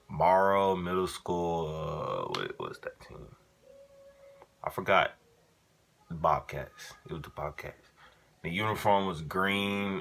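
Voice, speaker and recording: A man's voice: deep voice, pushed and bright. A young man vlogger telling a casual story in slangy, profane, laid-back talk.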